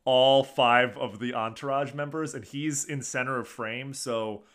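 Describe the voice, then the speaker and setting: A man's voice: mid-range voice, steady tone, unhurried, fairly bright tone. Easygoing man hosting a podcast. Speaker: podcast host. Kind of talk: casual podcast chat. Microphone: video call.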